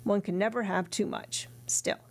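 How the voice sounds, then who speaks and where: A woman's voice: medium pitch, fairly even intonation, moderate pace, lightly acted. A woman voicing a sly, fawning young male tailor in an audiobook reading. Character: coarse sly male tailor neighbor, twenties.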